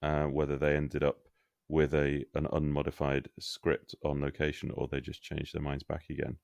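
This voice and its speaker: Man, podcast co-host, measured, curious, very deep voice, dry close sound. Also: monotone, creaky, darkish tone, no echo. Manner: measured, curious, explains things step by step. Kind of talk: casual discussion.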